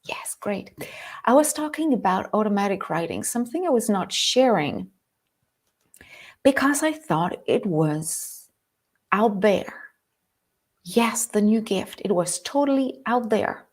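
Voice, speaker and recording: French-accented woman hosting a live spiritual stream, excitable, greeting viewers, with a gravelly edge. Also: medium pitch, a little slow, pauses often. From France. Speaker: host and lightworker mentor.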